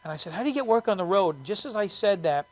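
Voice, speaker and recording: Comedian guy chatting as a guest, slightly high voice, rambly, keeps losing names. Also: lively intonation, very fast, no room sound. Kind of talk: interview chat.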